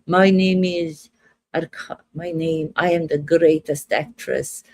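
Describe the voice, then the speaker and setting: A woman's voice: sits low, fairly even intonation, takes it slowly, full character voice. A woman voicing a vain, grand female stage actress in a mock Russian accent, speaking pompously and theatrically. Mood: grandiose.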